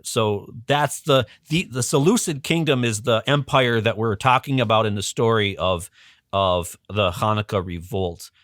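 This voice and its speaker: A man's voice: on the low side, normal speed, fairly bright tone, no echo, studio quality. A man as a guest educator, explaining history in a casual, conversational way with frequent ums and restarts.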